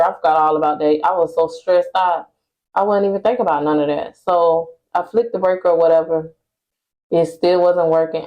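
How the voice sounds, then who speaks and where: A young woman, venting to her viewers in a casual storytime about her home. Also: lowish voice. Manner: exasperated, venting, talks straight to viewers. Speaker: vlogger. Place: at home indoors. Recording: muffled lo-fi phone audio.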